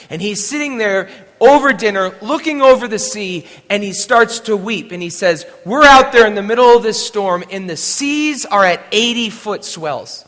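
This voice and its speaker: A man giving a sermon as an emotional, rambling storyteller, swinging from loud bursts to hushed passages, on a stage mic at a live event. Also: high-pitched. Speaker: worship leader giving a message. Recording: live hall with long reverb.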